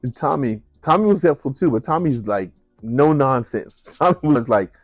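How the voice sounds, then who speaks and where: A man, a musician, telling a personal story in an animated way, acting out the voices of the people in it. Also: medium pitch, normal speed, no echo, soft background music. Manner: animated, acts out voices, laughs while telling.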